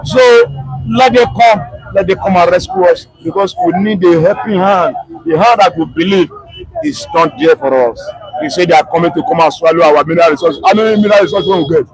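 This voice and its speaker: Nigerian man, street vox pop, pidgin-tinged, impassioned, high-pitched. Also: a little fast, breathy edge, no room sound, rough recording. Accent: Nigerian Pidgin-tinged English. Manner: impassioned, repetitive, emotional. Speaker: street interviewee. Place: outdoor street.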